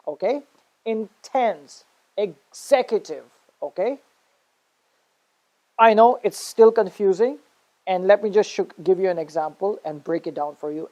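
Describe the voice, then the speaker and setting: A woman's voice: medium pitch, a little mellow, rough recording. Woman teaching English pronunciation. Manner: explains slowly, checks in with "okay?". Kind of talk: online English lesson.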